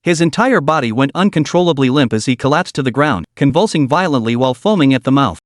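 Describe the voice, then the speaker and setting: A man's voice: medium pitch, animated, fast, no room sound, studio quality. A man narrating a comic recap as a dramatic scripted story.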